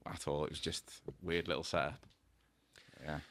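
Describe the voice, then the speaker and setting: A man's voice: a bass voice, normal speed, slight background noise. A middle-aged man, a podcast guest telling casual anecdotes, acting out the dialogue and laughing often. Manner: lively storyteller, acts out dialogue, laughs often. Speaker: guest, tattoo artist.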